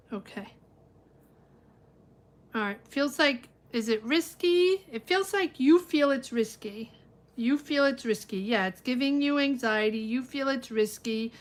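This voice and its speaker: Female live-stream tarot reader, slightly higher pitch, casual and reassuring, rambles through fillers. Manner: chatty, reassuring, thinks aloud with many fillers.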